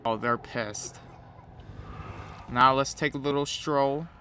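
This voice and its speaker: A man's voice: medium pitch, steady tone, takes it slowly, sharp tone, slight background noise. A man with a cold giving profane, joking play-by-play commentary while playing a game. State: has a cold. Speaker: gamer commentator.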